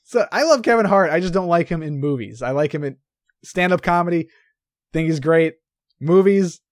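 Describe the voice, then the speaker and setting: A man's voice: fairly high pitch, animated, normal speed, no room sound, studio quality. A young man co-hosting a movie podcast, blunt and jokey, swearing freely in casual chat. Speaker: podcast co-host.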